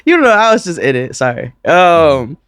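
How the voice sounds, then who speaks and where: A man co-hosting a podcast in casual chat, animated and profane, often breaking into laughter. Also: on the high side, normal speed, smooth, no echo. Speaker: podcast co-host.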